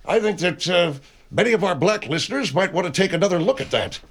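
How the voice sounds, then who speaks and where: A man's voice: high voice, expressive, quick pace. A man hosting a comedic talk radio show, indignant and exasperated as he argues with his staff.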